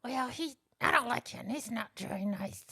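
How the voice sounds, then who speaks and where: A woman's voice: fairly high pitch, moderate pace, gravelly, crowd noise, voice pushed up. A woman voicing a sassy, vain female bird puppet, cheeky and boastful as she teases her ventriloquist.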